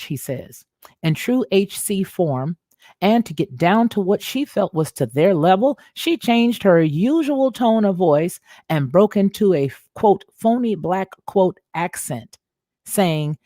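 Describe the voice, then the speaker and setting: A woman with a low, warm voice reads an article aloud and breaks in to comment on it, talking straight to her viewers in a casual way. She sounds a little unwell and clears her throat now and then. The recording is close and dry. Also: lively intonation, measured pace, no room sound. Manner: conversational, addresses viewers as y'all. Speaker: commentary host reading an article.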